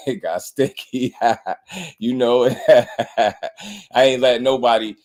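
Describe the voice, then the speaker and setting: A young man hosting a casual boxing livestream, animated and slangy, laughing often and mimicking people. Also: mid-range voice, slow. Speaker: boxing commentary host.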